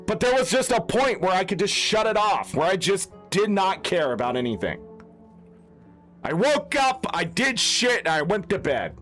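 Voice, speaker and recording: Heated gamer-streamer rant, man, high voice with big swings, faint music underneath. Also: very animated, a little slow, long pauses, a bit bright. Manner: heated, profane ranting. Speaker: gaming streamer. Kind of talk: unscripted rant.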